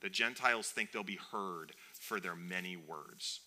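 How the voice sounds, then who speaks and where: A man preaching a sermon in a conversational, animated way, with playful asides. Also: deep voice, measured pace, a little hiss or hum. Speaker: pastor.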